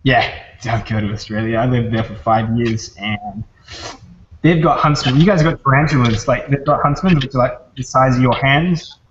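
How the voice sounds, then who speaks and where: A man with a New Zealand accent telling stories in a relaxed way with lots of fillers, in casual chat on a video call. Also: mid-range voice, moderate pace. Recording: muffled video-call audio with faint hiss.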